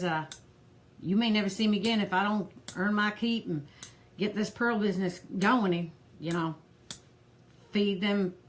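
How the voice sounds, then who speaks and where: A woman's voice: medium pitch, lightly acted. A woman voicing a harried, gossipy old granny who rambles in a folksy drawl while hosting a pearl party. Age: older. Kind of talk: comedic character live stream.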